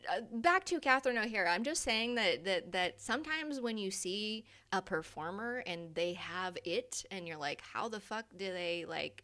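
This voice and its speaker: A woman's voice: a little high, fairly bright tone. A young adult woman hosting a casual live stream, chatty, laughing often and swearing freely.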